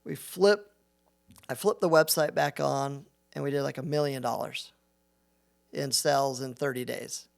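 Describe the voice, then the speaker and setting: A man's voice: medium pitch, unhurried, vocal fry. A middle-aged man, a business founder, telling a story in a casual interview and acting out what people said. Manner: animated storyteller who acts out quotes.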